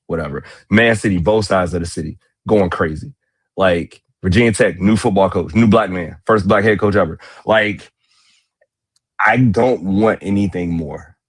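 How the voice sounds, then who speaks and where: Congested low-voiced man, excitable. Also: normal speed, slightly rough, dry recording. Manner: excitable, rambling storyteller. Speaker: podcast co-host. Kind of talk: casual sports podcast chat.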